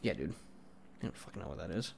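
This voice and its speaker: A man's voice: sits low, lively intonation, fast talker, creaky. A young man co-hosting a casual chat podcast, crude, joking and argumentative, a little drunk. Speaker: podcast co-host.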